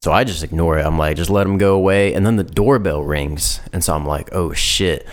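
A man's voice: sits low, brisk. A man hosting a podcast, telling a long story in a laid-back, profane way, full of "like" and quoted dialogue. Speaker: podcast host. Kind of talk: casual storytelling chat.

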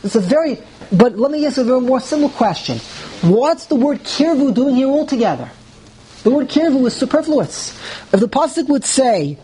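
A man teaching a Torah lesson to a live class. He asks rhetorical questions, restarts phrases while thinking aloud and climbs higher in pitch when he stresses a point. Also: big pitch swings, normal speed, dark tone, slight background noise, rough recording.

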